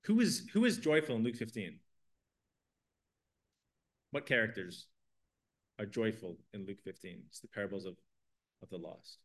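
A man's voice: fairly low pitch, animated, moderate pace, pauses often. A man teaching an evening Bible class, reading scripture and explaining it earnestly, asking his class questions.

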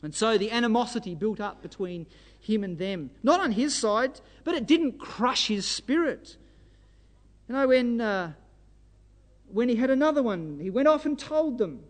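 A man's voice: very high-pitched, animated, moderate pace. A man preaching a sermon, exhorting his listeners fervently and pressing them with rhetorical questions. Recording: long reverb of a hall.

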